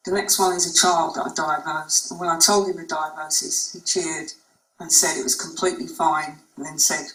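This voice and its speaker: Low-voiced woman presenting in echoey room. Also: flat delivery, a bit bright. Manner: conversational, unhurried, with frequent ums. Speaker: clinician giving a talk. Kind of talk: conference presentation. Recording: echoey room, mic far off.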